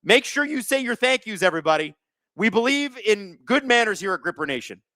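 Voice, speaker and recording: A man's voice: sits high, very animated, fairly quick, bright, forceful tone, no room sound. A man hosting a live hockey watch-along, chatting with viewers and calling the plays. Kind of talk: casual live-stream hockey commentary.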